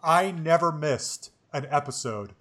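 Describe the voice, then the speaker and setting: A man's voice: on the high side, lively intonation, a little slow, a bit bright. A man in his forties hosting a podcast, chatting in a rambling way and laughing easily. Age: 40s. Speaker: podcast host. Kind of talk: casual chat.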